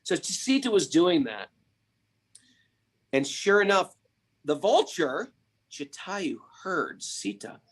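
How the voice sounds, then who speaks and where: Very animated yet slow, with frequent pauses, this podcast host's voice sits high. He retells spiritual stories as teaching, driving points home with emphatic rhetorical questions.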